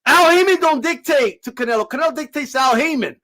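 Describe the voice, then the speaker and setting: A man's voice: extremely high pitch, fast talker, hardly any pauses, sharp tone. A man giving a profane, sarcastic boxing rant, mocking critics and cutting them off. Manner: profane, sarcastic, mocks critics in put-on voices. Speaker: boxing commentator. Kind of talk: ranting commentary.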